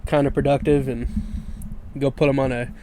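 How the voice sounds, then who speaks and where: A man's voice: medium pitch, moderate pace, background noise. A man hosting a casual sports podcast on a video call, laid-back, steering the topics. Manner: relaxed, runs the topics and ad reads. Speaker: podcast host.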